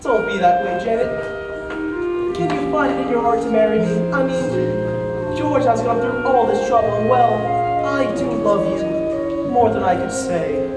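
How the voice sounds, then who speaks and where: An earnest young groom, played by a student, pleading sincerely in a mid-range voice. Loud music plays under the far-off, echoing stage sound. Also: mid-range voice, measured pace, natural voice.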